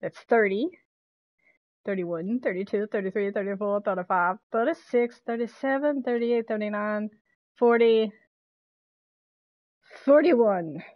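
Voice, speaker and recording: A woman streaming a game live, chatting casually with viewers, excitable and swearing freely. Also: mid-range voice, measured pace, pauses often, no room sound, phone-quality sound.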